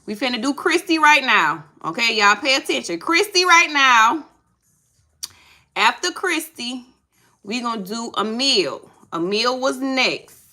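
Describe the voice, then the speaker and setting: Bright-voiced chatty woman tarot reader. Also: a little high, expressive, a little slow, rough recording. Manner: casual and chatty, talks straight to viewers, repeats herself while checking names. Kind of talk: live-stream tarot reading.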